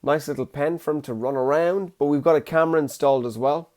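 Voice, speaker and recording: A man's voice: on the high side, fast, a little mellow. A young man, hosting a casual solo podcast with chatty, jokey storytelling. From Ireland. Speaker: podcast host.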